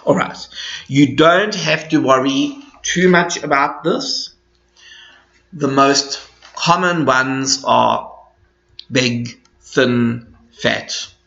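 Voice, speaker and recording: A man teaching an English grammar lesson to students, explaining slowly and patiently with lots of repetition. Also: medium pitch, vocal fry, sharp tone. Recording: echoey room, dull lo-fi sound.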